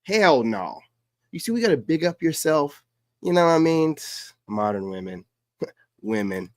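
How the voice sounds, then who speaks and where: A man's voice: fairly high pitch, big pitch swings, normal speed, a little mellow, dry recording, clean studio sound. A man hosting a casual livestream, reacting to clips in slangy, hyped streamer talk. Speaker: livestream host.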